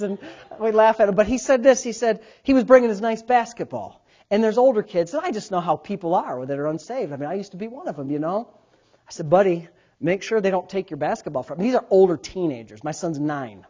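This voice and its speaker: A man in his thirties, a pastor preaching a sermon, telling stories with big swings from quiet asides to loud, laughing bursts. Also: high voice, animated, fast. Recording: dull lo-fi sound.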